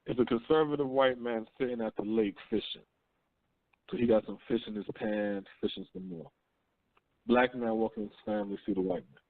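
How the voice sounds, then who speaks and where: A man hosting a call-in talk radio show tells blunt, slangy stories and asks rhetorical questions, often "you see what I'm saying?" His mid-range voice is gravelly and animated, brisk in pace. The recording is dry and comes through a tinny phone line.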